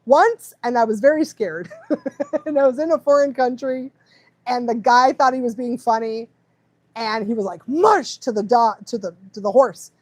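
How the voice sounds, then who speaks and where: A woman's voice: a little high, moderate pace, a little mellow, no echo. A woman dog trainer hosting a live stream, rambling and laughing often as she goes off on tangents. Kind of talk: casual live stream chat.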